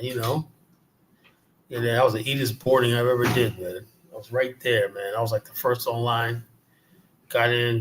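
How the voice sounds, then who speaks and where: A man's voice: mid-range voice, a little hiss or hum. Profane, rambling New man. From South Jamaica, Queens, New York. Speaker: livestream host. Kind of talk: casual livestream rant.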